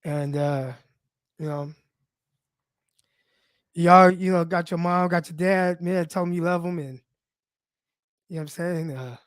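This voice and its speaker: A man's voice: a little high, fairly even intonation, measured pace, pauses often, no echo, clean studio sound. A young man hosting a sports podcast, talking loosely and personally with many fillers, teary-eyed as he speaks. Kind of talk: casual heartfelt monologue.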